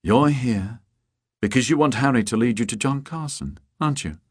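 A man reading the lines of a composed young woman who speaks calmly and steadily, in an audiobook. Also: medium pitch, moderate pace, husky, no room sound, studio quality, pitched above the performer's own voice, natural voice.

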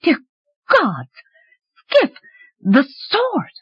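A narrator voicing a young woman warrior, speaking in sharp, emphatic exclamations. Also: medium pitch, big pitch swings, moderate pace, slightly rough, no echo, voice pushed up. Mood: shaken. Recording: dry, slightly dull recording.

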